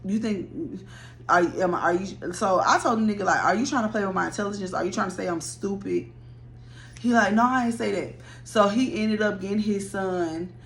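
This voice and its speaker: Animated woman telling a story time. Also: medium pitch, gravelly, slight background noise. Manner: animated, blunt, swears freely, addresses viewers directly.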